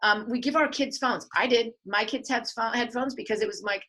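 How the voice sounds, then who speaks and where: A woman's voice: a little high, a little fast, poor audio. A middle-aged woman, a filmmaker and mother, speaking earnestly as a guest in a conversational interview. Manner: earnest, animated when quoting others.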